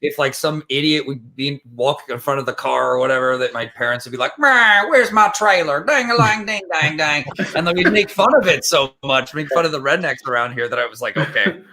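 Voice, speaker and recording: A man's voice: medium pitch, fast, sharp tone. A man in casual conversation, laughing and self-deprecating as he tells stories. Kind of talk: casual chat.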